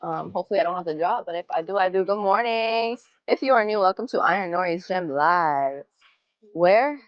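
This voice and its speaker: A woman's voice: fairly low pitch, no room sound, lo-fi sound. Young woman, Massachusetts accent, counting reps, gym livestream chat, dry close sound. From Massachusetts, USA. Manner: counts reps aloud between chatty asides to viewers. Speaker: fitness livestreamer. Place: gym, indoors.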